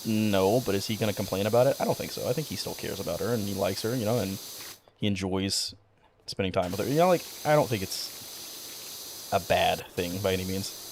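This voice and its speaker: Young man, low voice, casual rambling streamer chat, lots of fillers and cursing. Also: a little fast, background noise. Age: young adult. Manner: rambling, full of fillers and swearing. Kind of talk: casual chat while gaming.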